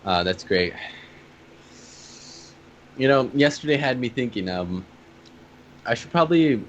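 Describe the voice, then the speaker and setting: A man's voice: mid-range voice, expressive, a little slow, dull audio, a little hiss or hum. A man playing a tabletop game, talking hesitantly with many ums and restarts. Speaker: player. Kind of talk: tabletop game role-play.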